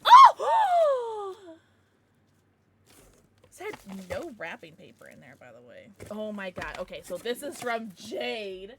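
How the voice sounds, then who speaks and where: A woman's voice: medium pitch, sing-song, normal speed, vocal fry, few pauses, background noise. A young woman streaming casually from home, gushing over gifts and baby-talking to her dogs between chats with viewers. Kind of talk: casual livestream chat.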